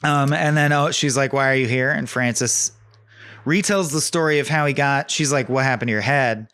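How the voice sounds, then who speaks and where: A man's voice: medium pitch, moderate pace, fairly bright tone, clear, resonant tone, no room sound. A man co-hosting a podcast, casually and animatedly recapping film scenes and quoting the lines. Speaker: podcast co-host.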